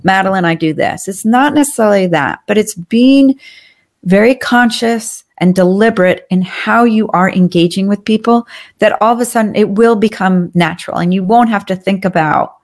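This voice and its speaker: A woman's voice: medium pitch, normal speed, darkish tone. A woman, a leadership trainer and coach, explaining her ideas as an interview guest in a confident, upbeat way.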